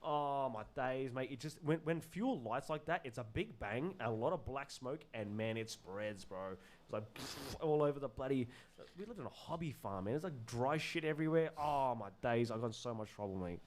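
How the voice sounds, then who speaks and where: Animated man telling stories, slangy. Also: mid-range voice, moderate pace, few pauses, a little hiss or hum. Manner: animated, loose with slang and swearing, laughs often. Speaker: podcast guest. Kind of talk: casual storytelling in an interview.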